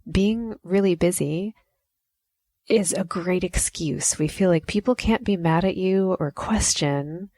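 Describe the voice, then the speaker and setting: Low-voiced woman podcast host, chatty. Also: slow, dark tone, dry recording. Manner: chatty and reflective, often acting out quoted lines. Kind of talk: casual solo podcast talk.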